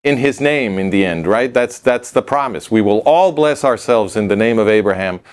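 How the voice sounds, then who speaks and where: A man's voice: on the low side, expressive, normal speed. A man interviewing a guest, asking long, thoughtful questions and repeating words as he forms them.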